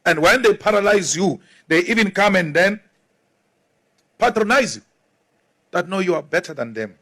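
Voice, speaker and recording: A man's voice: high voice, lively intonation, moderate pace, fairly bright tone. A man from Africa, giving an emphatic, rousing political speech with mocking asides. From South Africa.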